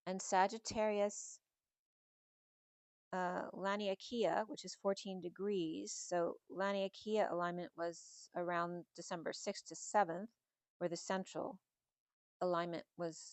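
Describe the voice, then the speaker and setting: A middle-aged woman, slightly hoarse, giving a spiritual tarot reading in a musing, meandering way that strings numbers and symbols together. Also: fairly low pitch, no echo. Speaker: tarot reader.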